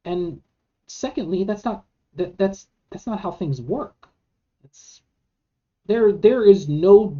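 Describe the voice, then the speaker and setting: Low-voiced woman arguing earnestly. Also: mellow, highs cut off. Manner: earnest, emphatic, rhetorical questions, frequent restarts. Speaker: vlogger. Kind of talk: argumentative monologue.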